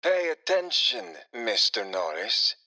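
A man puts on a cold bureaucrat of an interrogator with a squeaky, bright, almost piercing voice. He speaks slowly and evenly, every word measured and official, as if reading from a form. It is a storybook villain voice. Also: full character voice, poor audio. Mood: cold, calm. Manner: slow, calm, clipped official tone. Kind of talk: audiobook character voice.

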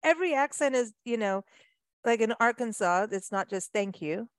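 A woman hosting a radio show, talking in a chatty, animated way with lots of fillers. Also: a little high, moderate pace, smooth, no room sound. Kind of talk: casual radio interview chat.

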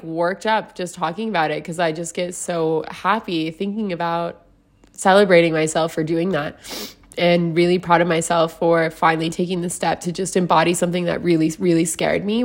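A young woman talking candidly to her viewers about a personal experience, emotional and full of "like" fillers, laughing often. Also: on the low side. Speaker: vlogger. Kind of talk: casual personal storytelling.

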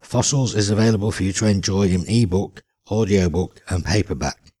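A man narrates an audiobook with a low, husky voice. His delivery is dry and deadpan. The sound is close and dead, with no room around it. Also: normal speed, no room sound.

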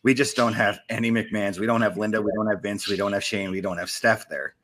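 A man's voice: on the low side, steady tone, fast, fairly bright tone. A man co-hosting a casual podcast, talking loosely with fillers and "you know". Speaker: podcast co-host. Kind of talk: casual chat.

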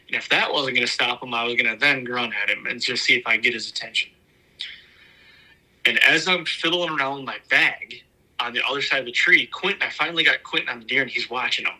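A man telling a long bowhunting story in a loose, rambling way, full of "like" and "you know", his voice dropping to a hushed whisper at the tense moments. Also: mid-range voice, poor audio. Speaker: bowhunter recounting a hunt. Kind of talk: casual spoken storytelling.

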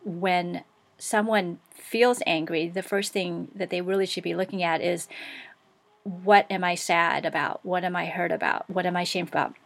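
Gravelly-voiced woman host. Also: on the low side, normal speed. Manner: calm, affirming and explanatory. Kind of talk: podcast interview.

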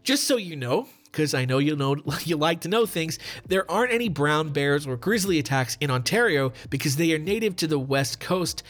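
A man's voice: fairly high pitch, expressive, moderate pace, hardly any pauses, a bit bright. A man putting on a mock Canadian accent, reading a polite police notice in a chirpy, overly courteous voice. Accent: put-on Canadian.

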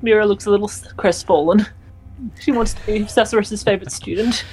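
A woman's voice: medium pitch, fairly even intonation, a little fast, a little mellow, poor audio. A woman playing in a tabletop game, describing her character eagerly. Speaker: player. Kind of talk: tabletop role-play.

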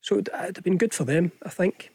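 A man's voice: sits high, brisk, gravelly, a little mellow, slightly rough, no room sound, clean studio sound. A Scottish man giving casual football punditry on radio, chatty and hesitant with frequent restarts. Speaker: football pundit, former player. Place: radio studio. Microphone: studio microphone.

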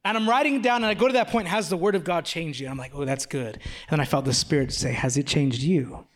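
A high-pitched man in his thirties delivers a sermon. His speech is casual and self-mocking, full of fillers and restarts. He then builds to a run of pressing, repeated questions. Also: rapid-fire. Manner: casual, joking, confessional, with many fillers and restarts. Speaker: pastor.

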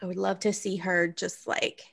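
A woman's voice: on the low side, moderate pace, creaky. A woman hosting a casual comedic advice chat, telling stories animatedly and cussing freely. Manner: profane, animated storytelling. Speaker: podcast host. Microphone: studio microphone.

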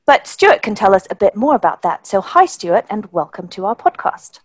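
A woman's voice: mid-range voice, very animated, moderate pace, breathy edge, dry recording. A woman from Germany, a native German speaker, co-hosting a podcast with polished, prepared remarks. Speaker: podcast co-host, lawyer.

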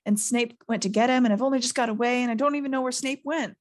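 A woman reading the part of an anxious, bossy schoolgirl in a raised, quick voice. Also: on the high side, very animated. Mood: upset.

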